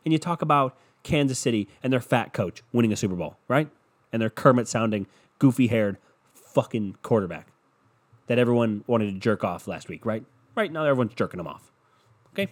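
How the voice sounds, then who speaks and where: A young man hosting a podcast alone, sick and tired, ranting with sarcasm and a lot of swearing as he jumps between topics. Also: medium pitch. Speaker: podcast host. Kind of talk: casual solo podcast rant.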